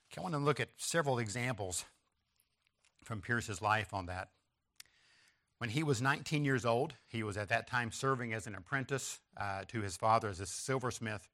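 A man delivering a sermon in a bright, forward voice of middle pitch. He drives points home through repetition, rising on each repeated phrase and dropping at its close. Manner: emphatic repetition with rising stress on key phrases; references an outline and slides to listeners. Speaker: preacher.

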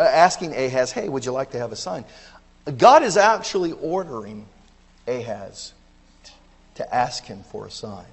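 A man preaching a sermon with emphatic outbursts and low asides, often repeating words as he restarts. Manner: emphatic, swings between loud exclamations and low asides. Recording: long hall reverb.

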